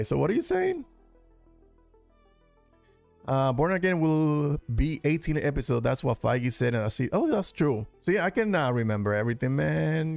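Male host, gravelly, dry-sounding, loose and profane, reacts to trailers. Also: mid-range voice, a little mellow, no room sound. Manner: profane, rambling, laughs often. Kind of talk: casual commentary reacting to trailers.

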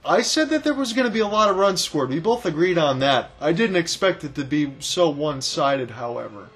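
Excitable high-voiced male play-by-play caller. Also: fairly quick. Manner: calm analysis that rises to loud excited calls on big hits. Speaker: play-by-play commentator. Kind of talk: fan broadcast baseball commentary.

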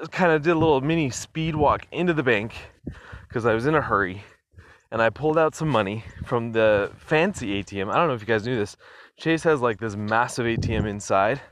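A man hosts his solo podcast in a loose, rambling way, chuckling often and filling gaps with ums and likes. His voice sits at an ordinary middle pitch. The sound is dry and close, with no room around it. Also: a bit bright, no echo. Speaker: podcast host. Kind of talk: casual solo podcast monologue. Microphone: phone.

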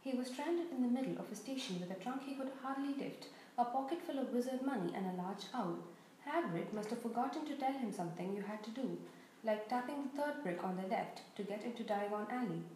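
A woman's voice: fairly high pitch, a little fast. Woman reading a story aloud in an echoey room. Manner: expressive, steady storytelling. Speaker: reader. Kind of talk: storybook read-aloud narration. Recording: very echoey room, faint noise.

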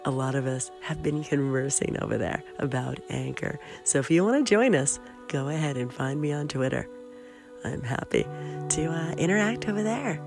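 A sick woman hosts her own podcast in a chatty, affectionate monologue, laughing easily. Her voice carries a gravelly fry. Faint music plays beneath her. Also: deep voice, animated, normal speed, darkish tone. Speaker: podcast host.

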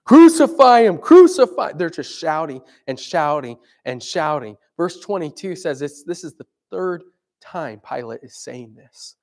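A man delivers a sermon with a somewhat raised pitch for a male voice. He talks in a loose, conversational way and keeps turning to his listeners with questions. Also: a little slow. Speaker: preacher.

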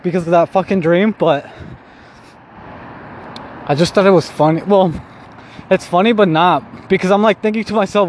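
Strolling down a city street, a young man vlogs casually in a high, slightly mellow voice at a moderate pace with long pauses. He's rambling and self-mocking, swearing frequently and laughing at himself, with faint outdoor street noise audible.

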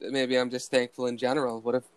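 A man in casual chat, joking and reacting quickly to his friend. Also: mid-range voice, flat delivery, noisy background.

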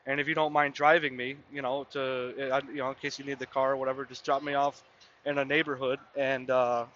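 A man's voice: medium pitch, flat delivery, a little fast, a bit bright, dull audio, a little hiss or hum. A man in his mid-twenties hosting a podcast, telling a casual, rambling story full of "I mean" and "you know". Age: mid-20s. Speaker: podcast host.

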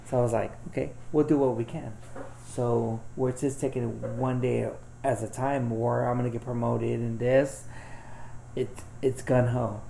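A man's voice: mid-range voice, little pitch movement, moderate pace, creaky, dark tone, a little hiss or hum. A man on a podcast telling a long personal story in casual chat, rambling and profane with lots of filler words. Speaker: podcast guest.

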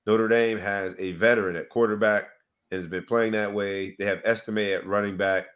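A man co-hosting a relaxed sports talk show, his voice bright and forceful. He talks in an animated, hype-building way and strings together long, rambling pleas to the audience. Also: on the low side, moderate pace. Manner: rambling sign-off with repeated pleas. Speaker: podcast co-host.

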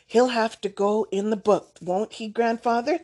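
A woman voicing an eager, excitable young boy in a storybook read-aloud, raising her voice for him. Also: on the high side, measured pace, voice pushed up. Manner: eager, bright-toned.

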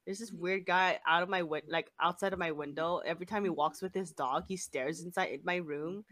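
Young woman, casual chat, bright tone, dry close sound, fast swearing storyteller. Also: fairly low pitch, no room sound. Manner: animated storytelling, frequent swearing and "like". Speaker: cashier.

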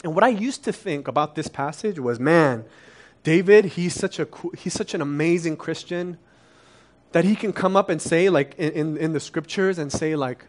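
A young adult man preaching a sermon, earnest and confessional, dropping soft and then rising to emphatic peaks. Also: on the high side, moderate pace.

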